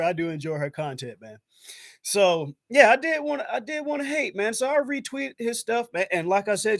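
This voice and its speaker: A man from the States talks to his stream viewers in a relaxed, rambling way, his voice sitting a little high for a man. He livens up whenever he acts out what he was thinking, and the sound is close and dry. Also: no room sound. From United States. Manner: loose and chatty, lots of "man" and "I was like"; animated when acting out his own past thoughts. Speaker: YouTube channel host. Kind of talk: casual live-stream chat.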